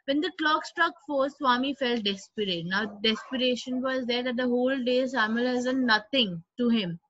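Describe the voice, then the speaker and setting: A woman's voice: on the high side, normal speed, fairly bright tone, dry recording, muffled recording. A woman teacher reads a story aloud to a class and explains it, repeating lines and glossing hard words. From India.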